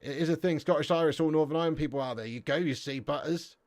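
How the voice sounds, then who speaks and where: A man's voice: on the high side, fast, a little mellow, no room sound. Slangy, swearing English man on a live stream. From England. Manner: banter-heavy, swears freely, laughs often, slangy. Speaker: football livestream host reading chat. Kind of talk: casual live-stream chat.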